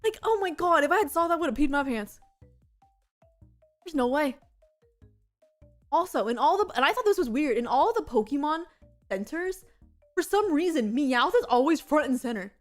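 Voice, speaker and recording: A high-pitched young woman rambles through a casual streaming chat, bubbly and excitable, with "like" in nearly every sentence. Faint music plays quietly behind her. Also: normal speed, long pauses. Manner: excitable, rambling, heavy use of "like". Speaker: VTuber streamer.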